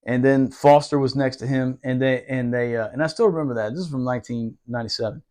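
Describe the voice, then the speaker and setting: A man's voice: mid-range voice, fast talker. A man in his forties, a Marine veteran hosting a podcast, telling stories in casual chat with lots of swearing and laughter. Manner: animated, profane, laughs often while telling stories.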